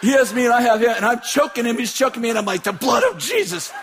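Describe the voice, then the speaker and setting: A man telling a dramatic personal story with laughter and bursts of shouting. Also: very high-pitched, fairly even intonation, racing, crowd noise, background noise.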